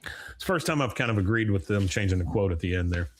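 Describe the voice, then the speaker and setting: Male podcast co-host, lowish voice, casual recap, slips into quick character lines. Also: animated. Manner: retells scenes, briefly acting out lines.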